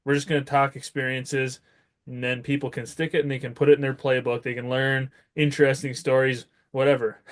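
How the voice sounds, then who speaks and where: A man hosting a casual podcast interview, talking eagerly about his show and laughing along with his guest. His voice sits at a plain, middle male pitch. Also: little pitch movement, brisk. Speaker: podcast host.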